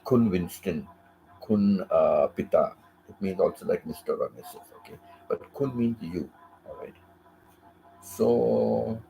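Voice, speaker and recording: A man with a low, gravelly voice talks casually as a show host. He repeats himself for emphasis and keeps checking in with "you know" and "correct?". Faint background noise. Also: expressive, unhurried, low-quality recording. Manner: repeats phrases, often asks "correct?" and says "you know". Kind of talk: casual conversational talk.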